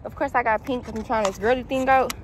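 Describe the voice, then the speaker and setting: A young woman vlogging outdoors, unboxing on camera, loud and playful and out of breath. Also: a little high, steady tone, fast, poor audio. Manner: loud, playful, laughing, talks straight to viewers. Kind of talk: casual unboxing vlog. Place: outdoors in wind. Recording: outdoor phone audio with wind noise.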